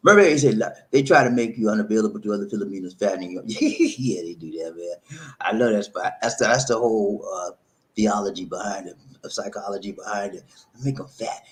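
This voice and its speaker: A man hosting a casual livestream from his home, reading out viewer comments with loud call-outs and preachy advice. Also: fairly low pitch, low-quality recording. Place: home in the Philippines, green screen.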